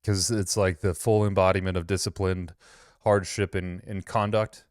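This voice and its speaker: A man hosts a loose reaction commentary, sarcastic and quick to laugh, with casual profanity. His voice sits on the low side. The sound is dry and close, with no room echo. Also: level tone. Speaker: host reacting to videos.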